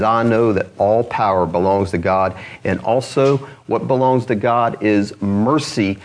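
A man preaching a sermon as pastor, earnest, asking the congregation rhetorical questions. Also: mid-range voice. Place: church.

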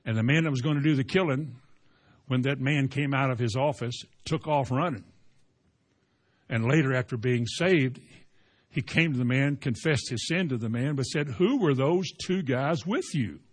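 A man preaching a sermon, firing rhetorical questions and swinging from slow loud emphasis to quiet asides. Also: medium pitch.

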